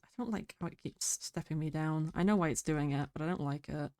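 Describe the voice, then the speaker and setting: A sick woman streamer chatting quietly and mumbling close to her microphone. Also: sits low, a little fast, no echo. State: sick, rough throat. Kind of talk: casual stream chat. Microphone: very close to mic.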